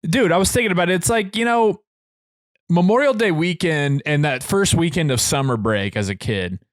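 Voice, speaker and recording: A man in his thirties co-hosting a casual podcast, telling rambling stories that build into loud excitement. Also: fairly high pitch, moderate pace, dry recording. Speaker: podcast co-host. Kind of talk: casual chat.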